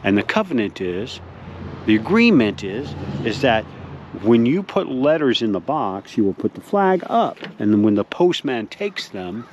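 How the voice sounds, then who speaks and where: A man hosting a mock-serious tutorial outdoors, explaining things deadpan as if to kids. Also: lowish voice, slight background noise. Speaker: host. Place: outdoors in a front yard by a mailbox.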